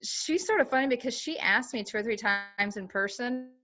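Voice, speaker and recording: A woman's voice: on the high side, moderate pace, sharp tone. A woman chatting casually on a team call, full of fillers and acting out what others said. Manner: chatty, lots of fillers, acts out quoted talk. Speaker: team member sharing her experience.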